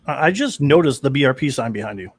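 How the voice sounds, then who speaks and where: A man's voice: mid-range voice, animated, quick pace, breathy edge, no room sound. A man co-hosting a casual sports podcast, telling stories and teasing his friends in an easygoing way. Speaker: podcast co-host.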